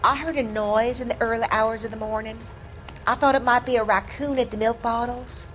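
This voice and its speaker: A woman's voice: fairly high pitch, fairly even intonation, fairly quick, fairly bright tone, soft background music, natural voice, poor audio. An actress voicing a defensive, evasive landlady with a Southern US accent in a video game. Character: southern landlady, defensive, guarding her reputation.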